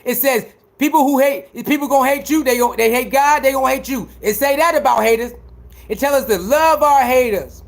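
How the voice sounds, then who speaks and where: Very high-voiced man ranting on a livestream. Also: fairly quick, creaky. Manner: animated, talks back to viewers, emphatic. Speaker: livestreamer reacting to chat. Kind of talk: casual livestream commentary.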